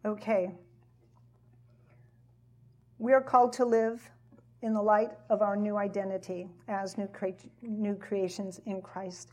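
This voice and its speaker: A woman's voice: mid-range voice, level tone, slow, long pauses, mellow. A woman teaching a sermon to a gathered audience, emphatic and repeating her key phrases. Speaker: Bible teacher.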